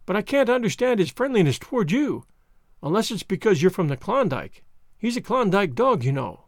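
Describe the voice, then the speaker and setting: A man reading a storybook puts on a higher voice for an earnest young wife who pleads passionately. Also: sing-song, moderate pace, no echo, studio quality, full character voice. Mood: pleading.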